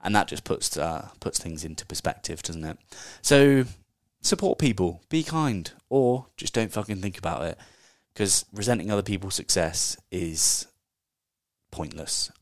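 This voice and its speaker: A man's voice: sits low, expressive, measured pace, no room sound, clean studio sound. A man hosting a casual solo podcast, talking in a chatty, candid way and swearing offhandedly. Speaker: podcast host.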